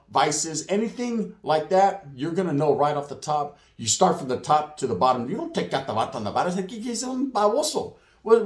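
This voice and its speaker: A man hosting a casual street news monologue, slangy and streetwise, with a slightly hoarse voice. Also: fairly high pitch. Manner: streetwise, slang-heavy, acts out quotes in put-on voices. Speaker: channel host, street news commentator. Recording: roomy echo.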